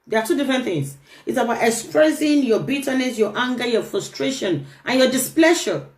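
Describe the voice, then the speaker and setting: A woman's voice: a little high, expressive, brisk, darkish tone. A woman hosting a relationship talk, speaking earnestly and emphatically, often repeating her key phrases. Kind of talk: earnest motivational talk to camera. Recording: roomy echo.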